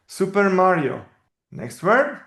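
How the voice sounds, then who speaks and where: A man whose first language is Arabic, teaching a language lesson and patiently repeating each word slowly. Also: sits high, sing-song, a bit bright. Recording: roomy echo.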